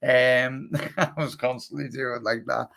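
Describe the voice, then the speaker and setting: A young Scouse man with a groggy, hoarse voice, hosting a casual live football chat and answering viewers as he rambles. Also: medium pitch, little pitch movement, unhurried, pushed and bright. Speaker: livestream host.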